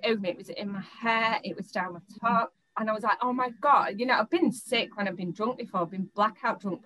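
A young woman tells her own story to an interviewer in a mid-pitched voice. She talks in halting bursts, restarting sentences and repeating words as she gathers her thoughts. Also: a bit bright, low-quality recording. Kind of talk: personal account in an interview.

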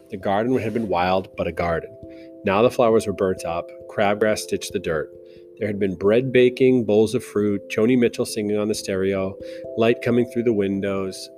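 A man with a fairly low voice reads a story aloud in a slow, measured way. Soft plucked guitar music plays clearly behind him throughout. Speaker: narrator. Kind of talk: audiobook narration.

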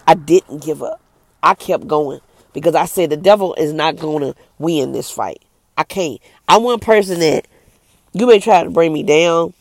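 A middle-aged woman speaks to camera as an evangelist, earnest and emphatic in a preachy testimony. Her voice is gravelly with a rough edge. It is recorded dry and close, with no room sound. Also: deep voice, darkish tone, no echo.

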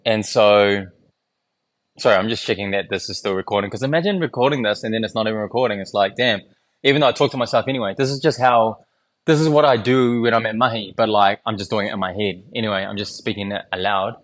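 A man's voice: on the low side, quick pace. A young man telling a story on his solo podcast, loose and candid, swearing often and laughing between thoughts. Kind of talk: casual rambling storytelling. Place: small home podcast studio.

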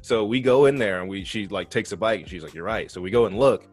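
A blunt man swaps stories on a casual podcast, swearing freely and laughing as he goes. His voice sits a little low. Faint music hums in the background. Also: fast. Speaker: podcast co-host. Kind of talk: casual storytelling chat.

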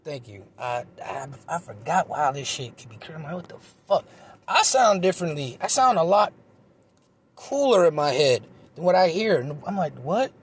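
Rambling, profane man, high voice. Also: very animated, moderate pace, a little hiss or hum. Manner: rambling, profane, self-mocking. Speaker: comedian. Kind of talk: casual monologue recording. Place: outdoors in a park. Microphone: phone.

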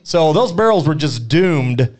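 Chatty podcast guy telling a long story, kinda high voice. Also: measured pace. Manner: rambling, animated. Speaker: podcast co-host. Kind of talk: casual storytelling.

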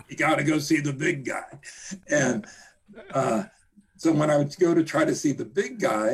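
A man being interviewed, reminiscing in a halting way with repeated words and many fillers. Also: mid-range voice, a little mellow, slightly rough. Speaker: interview guest, trade journalist.

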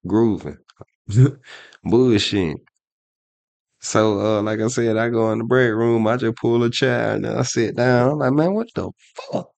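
A man talks in a very deep, gravelly voice, spinning a loose and profane story. His delivery is casual and full of restarts. The sound is dry and close. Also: dry recording. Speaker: podcast co-host. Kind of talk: casual chat.

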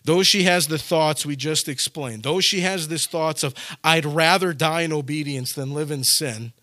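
A man preaching a sermon to his congregation, telling stories and acting out the scenes with sudden loud shouts. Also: a little high, moderate pace, no echo, studio quality. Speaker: pastor.

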